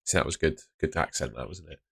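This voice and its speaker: A young man with a low-pitched voice talks through a live stream. His tone is relaxed and chatty as he answers viewer comments one after another. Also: fast talker, creaky, husky. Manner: chatty, reads out chat comments. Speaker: fantasy football streamer. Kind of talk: casual live stream chat.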